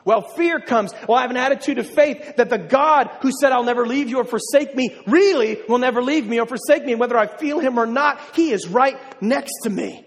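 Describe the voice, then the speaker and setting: A man's voice: very high-pitched, fairly quick, few pauses. A man preaching a sermon as a pastor, telling a personal story and building to emphatic declarations. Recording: long hall reverb.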